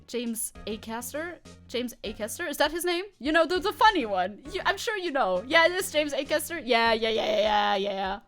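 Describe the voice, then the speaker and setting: A young woman streams a game, chatting casually with her chat in giggly, quick-to-laugh gameplay commentary. Her voice is high, animated, and a bit bright, with faint music behind.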